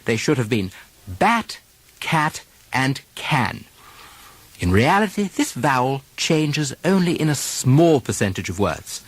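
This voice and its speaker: A man's voice: mid-range voice, no room sound. A man teaching an accent lesson, carefully demonstrating vowels and stresses and asking listeners to repeat after him. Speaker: dialect coach.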